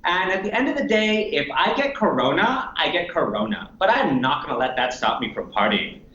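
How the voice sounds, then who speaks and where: A man's voice: on the high side, sing-song, fairly quick, pushed and bright, roomy sound, dull audio, voice pushed down. A man putting on a careless, defiant young party guy.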